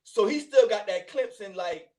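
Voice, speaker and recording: Animated high-voiced man, laughing often. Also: moderate pace. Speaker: host. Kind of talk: casual sports chat.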